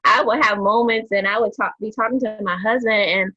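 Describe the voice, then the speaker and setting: A woman's voice: mid-range voice, fairly even intonation, a little fast, sharp tone. A woman speaking candidly and reflectively in a casual group chat, laughing often. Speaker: mom and educator in panel talk. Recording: dull, husky lo-fi sound.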